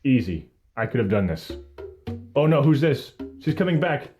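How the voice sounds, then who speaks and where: A young man from Canada streams a video game live, talking through it in an animated, self-mocking way. His voice sits at an ordinary middle pitch. Game music plays faintly behind him. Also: normal speed. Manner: animated, self-mocking, jokey running commentary. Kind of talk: live gameplay commentary.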